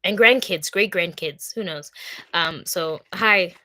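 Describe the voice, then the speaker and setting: A woman's voice: fairly low pitch, takes it slowly, bright, forceful tone, dry recording. Young woman, from Congo, content creator, casual live chat, chatty and upbeat, dry close sound. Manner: chatty and upbeat, many fillers.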